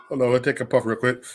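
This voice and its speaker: A man hosting a livestream, ranting angrily and profanely at his critics, stammering and repeating himself as he reads the chat. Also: medium pitch. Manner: profane, heated, repetitive, stammers into restarts; reads out live chat comments. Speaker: livestream host. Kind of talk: angry livestream rant.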